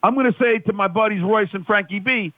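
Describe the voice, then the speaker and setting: A man's voice: sits high, background noise. A man from New York, a guest calling in by phone, telling raunchy stories in crude banter. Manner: raunchy, storytelling, quick denials. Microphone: phone line. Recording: tinny phone line.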